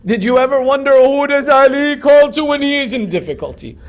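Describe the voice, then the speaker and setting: A man's voice: very high-pitched, expressive, a little fast. A man delivering an impassioned, grief-laden sermon as a religious lecturer. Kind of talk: mourning sermon narration.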